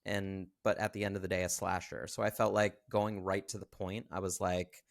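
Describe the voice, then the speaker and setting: A young man co-hosting a podcast, chatting casually about a movie and pausing with ums as he talks. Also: sits low, little pitch movement. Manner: hesitant, many ums and throat clearing. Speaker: podcast co-host.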